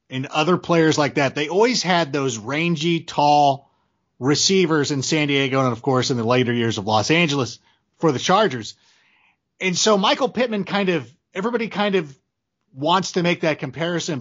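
A man's voice: fairly high pitch, fairly bright tone, muffled recording. A man talking as a podcast guest, chatty and enthusiastic, often restarting his sentences. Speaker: podcast guest, fantasy football analyst. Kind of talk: casual podcast chat.

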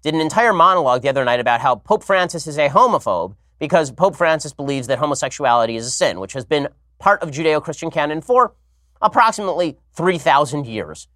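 A man's voice: a little high, animated, fast, a bit bright, no echo, clean studio sound. Wry, rambling male podcast host. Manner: wry, rambling storyteller with sarcastic asides. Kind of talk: casual monologue and commentary.

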